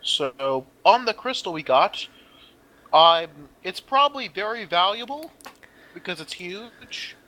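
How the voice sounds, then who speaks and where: A man's voice: sits high, animated, slow pace, bright, forceful tone, rough recording. A man playing a tabletop game, chatting casually and joking. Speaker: player.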